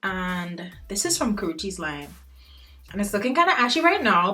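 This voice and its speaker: A woman's voice: medium pitch, big pitch swings, normal speed, pushed and bright, faint music behind. Chatty young woman vlogging a makeup tutorial. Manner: chatty, playful, addresses viewers as guys and sis. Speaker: beauty vlogger. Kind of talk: casual makeup tutorial chat.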